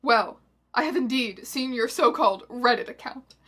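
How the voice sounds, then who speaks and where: A woman voicing a self-righteous old male reverend who declaims loudly and indignantly. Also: fairly high pitch, moderate pace, slightly rough.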